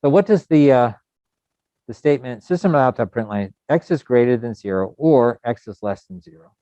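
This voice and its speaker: A middle-aged man from the United States teaching a programming lesson in a relaxed, rambling way with many fillers. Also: mid-range voice, moderate pace, dry recording. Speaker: programming instructor. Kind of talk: recorded coding lecture. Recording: dull lo-fi sound.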